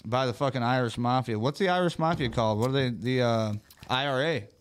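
A man co-hosting a live podcast in a loose, joking way, swearing freely and reading out viewer comments as they come in. His voice sits at an ordinary middle pitch for a man. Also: fairly quick, clean tone. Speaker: podcast co-host. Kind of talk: casual live podcast chat.

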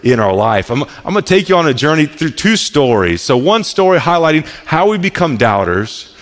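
Animated male pastor in an echoey hall. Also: fairly high pitch, normal speed. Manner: conversational, animated, often repeats words as he restarts. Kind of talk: sermon.

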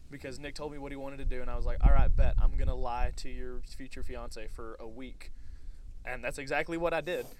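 A man's voice: mid-range voice, fairly quick, slight background noise. A young man co-hosting a podcast in casual chat, playfully acting out the quotes in his stories. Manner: playful, acts out quotes in a lively voice. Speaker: podcast co-host.

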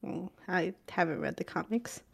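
A woman's voice: lowish voice, normal speed, gravelly, slightly rough. A young woman co-hosting a podcast, talking casually and often hedging what she says. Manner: chatty, unsure, hedging. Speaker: podcast co-host.

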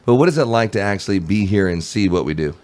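A man's voice: on the low side, expressive, fast talker, a little mellow. A man hosting a podcast in a small studio, full of playful, mock-announcer banter. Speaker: podcast host. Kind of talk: comedic radio-style banter.

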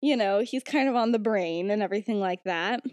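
A young woman hosts a podcast and retells a story casually, chatty and giggly, filling her sentences with "like" and "um". Her voice sits in a middle pitch and comes through close and dry. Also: a little fast, a little mellow, no room sound. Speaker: podcast host.

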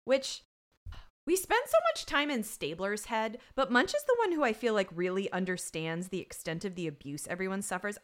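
A woman co-hosting a podcast, recapping a TV episode in casual, emotional chat over a video call. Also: medium pitch. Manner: animated, emotional, swears freely. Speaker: podcast co-host. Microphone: computer mic on a video call.

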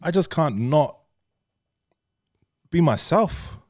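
A man's voice: a little high, expressive, slow, darkish tone, no room sound, studio quality. Candid swearing New Zealand man. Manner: candid, swears freely, laughs often. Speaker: guest, social media influencer. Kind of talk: casual podcast chat.

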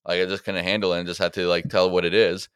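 A man's voice: deep voice, little pitch movement, fast talker, a bit bright, clean tone, dry recording, studio quality. A young man, a comedian guest telling a rambling story in casual podcast chat, with lots of fillers. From Canada.

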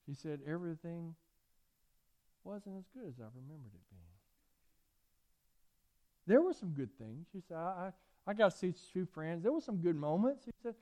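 A middle-aged preacher with a notably high voice. He tells folksy, animated stories from the pulpit, circling back to repeat his points. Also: moderate pace, pauses often. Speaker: pastor. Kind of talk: sermon.

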